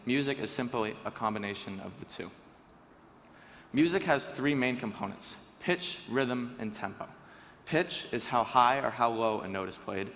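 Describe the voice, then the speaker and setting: A teenage boy giving a lively, joking talk on stage to a school audience. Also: mid-range voice, a little hiss or hum. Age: teens. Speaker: student speaker. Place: school auditorium. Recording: reverberant hall with faint ambience.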